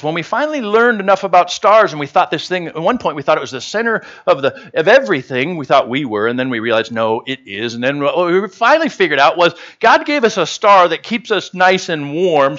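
A man delivers a sermon in a slightly high voice that swoops lively up and down. His delivery is chatty and humorous as he teases the congregation. The sound is dull and lo-fi. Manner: humorous, conversational, animated. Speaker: pastor. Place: church service.

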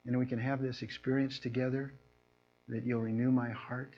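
Man preaching casually, mid-range voice, slips into animated voices for people in his stories; slightly muffled recording. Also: mid-range voice, brisk, slight background noise. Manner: storytelling, acts out people's lines in a raised, animated voice. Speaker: pastor. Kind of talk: conversational sermon.

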